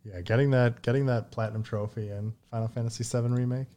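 A man hosting a gaming podcast in casual chat, easygoing and quick to chuckle, gently correcting his co-host. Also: mid-range voice, fairly even intonation.

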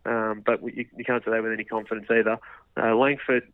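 A man's voice: lowish voice, little pitch movement, quick pace, no echo. A man, a guest football journalist, talking casually on radio with lots of hedging fillers and restarts. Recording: tinny phone line.

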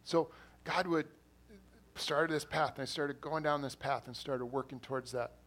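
A man's voice: on the high side, steady tone, normal speed, fairly bright tone. A man who is an assistant pastor, preaching an earnest sermon in a church, repeating phrases and rising to emphatic bursts. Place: church hall.

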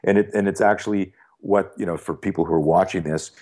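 A man's voice: sits low, fast. A man in his sixties, a fear-management speaker, telling stories in a casual podcast conversation, acting out dialogue with frequent restarts. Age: 60s. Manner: animated storyteller who acts out dialogue with frequent restarts.

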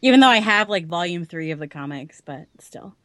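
A woman's voice: on the low side, expressive, fairly quick, a bit bright, dry recording. Chatty woman podcast co-host. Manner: rambling, laughs often. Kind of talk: casual group chat.

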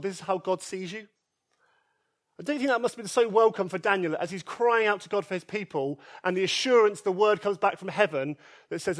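High-voiced man preaching earnestly. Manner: earnest and emphatic, repeats key phrases, swings between loud pleas and soft quiet lines. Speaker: pastor. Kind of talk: sermon. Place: church service.

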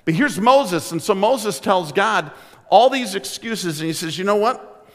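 A man's voice: sits high, expressive, unhurried, long reverb tail. A man preaching a sermon in a direct, earnest, conversational way. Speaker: pastor.

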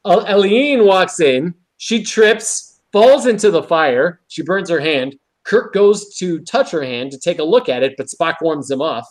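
A man's voice: high voice, a little slow, hardly any pauses. A man co-hosting a podcast, casually recapping an episode and acting out quoted lines. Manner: animated retelling with quoted lines. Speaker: podcast co-host.

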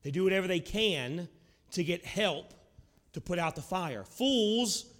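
High-voiced preacher in a reverberant hall. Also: male voice, expressive, a little slow. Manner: earnest preaching, swinging between loud emphatic lines and low quiet drops; asks the audience rhetorical questions. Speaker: pastor. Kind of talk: sermon.

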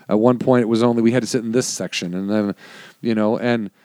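Man, casual chat, animated storyteller, dry close sound. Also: lowish voice, fast, dry recording. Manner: animated storyteller, acts out quoted people.

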